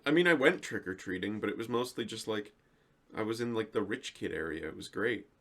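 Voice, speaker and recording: Male podcast co-host, animated pitch, sarcastic jokey delivery. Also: a little fast. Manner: joking, sarcastic asides. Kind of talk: casual chat.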